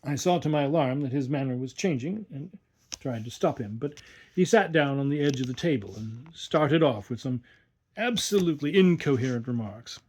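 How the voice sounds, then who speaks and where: A man narrating a story in a measured, expressive reading. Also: medium pitch. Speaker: reader.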